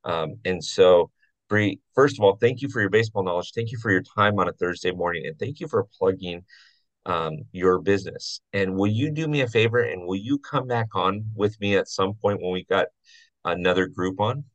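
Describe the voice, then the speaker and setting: A man's voice: low-pitched, moderate pace, no room sound, highs cut off. A man hosting a podcast, enthusiastic and jokey, repeating himself as he wraps up an interview. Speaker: podcast host.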